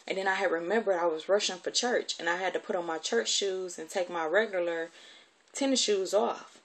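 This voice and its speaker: A woman's voice: on the low side, a little fast, fairly bright tone. A woman telling a personal story from her childhood in a candid, conversational way, with plenty of profanity.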